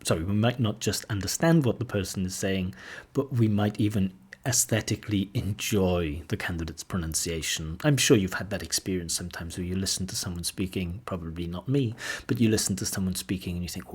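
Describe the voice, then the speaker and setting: A man teaching an exam speaking lesson in a relaxed, self-deprecating way, modelling example sentences. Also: low voice, a little fast, husky. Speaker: IELTS examiner and teacher. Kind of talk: casual video lesson.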